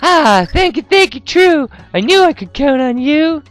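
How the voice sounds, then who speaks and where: A man's voice: extremely high pitch, animated, a little slow, a bit bright, faint music behind, voice pushed up, heavily acted. A man voicing a fretful female fortune teller who speaks in rhymes, in a sing-song voice.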